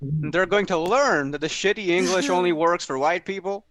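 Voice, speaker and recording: A man's voice: high-pitched, moderate pace, a bit bright, no room sound. A man doing a sardonic stand-up set at a small open mic, mocking people with put-on voices. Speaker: stand-up comedian.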